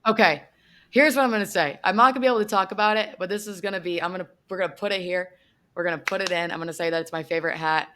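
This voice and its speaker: Woman guest, lowish voice, chatty and upbeat, casual podcast talk. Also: very fast, noisy background. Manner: chatty, upbeat, many fillers. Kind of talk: casual chat.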